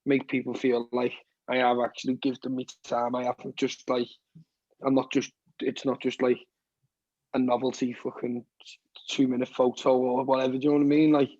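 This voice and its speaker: A man's voice: mid-range voice, little pitch movement, fairly quick, darkish tone, dry recording. Scouse musician in his twenties, podcast guest, loose rambling chat, swears freely, dull lo-fi sound. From Liverpool, England. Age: 20s. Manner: rambling, keeps saying "you know what I mean", swears often. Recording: dull, dry lo-fi podcast audio.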